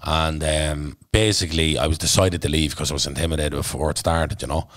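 A man's voice: a bass voice, fairly even intonation, brisk, fairly bright tone, dry recording, clean studio sound. A man with a Dublin accent, a podcast guest telling his story bluntly and intensely, swearing freely. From Ireland. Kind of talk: candid storytelling in conversation.

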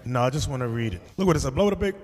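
A man preaching in an animated, emphatic way, mixing street talk with scripture in a reverberant hall. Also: mid-range voice, rapid-fire. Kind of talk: sermon-style teaching.

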